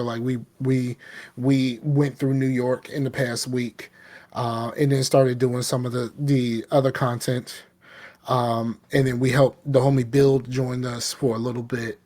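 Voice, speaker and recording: A man's voice: medium pitch, a little mellow. A man co-hosting a live podcast, chatting casually about video games with lots of ums and restarts. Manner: halting, lots of fillers and restarts. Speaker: podcast co-host. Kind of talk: casual gaming chat.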